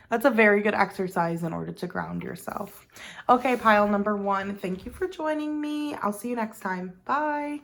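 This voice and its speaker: Woman tarot reader, casual chatty delivery with fry, lots of ums and restarts. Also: mid-range voice, moderate pace, fairly bright tone. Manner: chatty, meandering, with many ums and self-corrections. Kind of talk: casual pick-a-card tarot reading.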